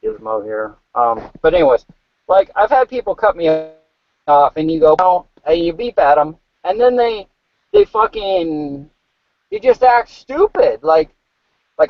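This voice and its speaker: A man telling stories in a casual, profane chat, animated and swearing freely. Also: sits high, measured pace, vocal fry, no room sound. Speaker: podcast co-host. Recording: dull dry home mic.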